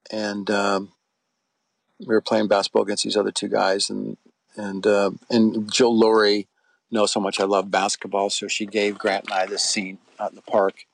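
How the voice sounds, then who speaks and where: A man's voice: lowish voice, vocal fry, no room sound. A middle-aged man, an interview guest, recalling his acting years in a rambling, anecdotal way with many fillers and restarts. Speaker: interview guest, former soap actor. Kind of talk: casual interview storytelling.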